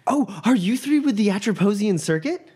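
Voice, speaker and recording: A man's voice: high voice, expressive, normal speed, warm tone, breathy edge, voice pushed up. A man voicing a nervous, stammering young satyr woman student, eager and polite.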